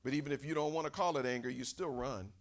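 A man preaching a sermon as a pastor, putting questions to the congregation and calling for amens, moving between quiet asides and loud, high preaching. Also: quick pace. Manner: emphatic, with questions to the congregation and call-and-response.

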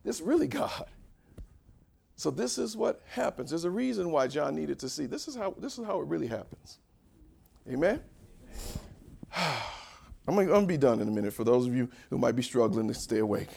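A male pastor with a slightly high voice, vocal fry and a breathy edge preaches animatedly. His sermon shifts from soft asides to shouted, elongated lines, and he leads the congregation in reading scripture aloud.

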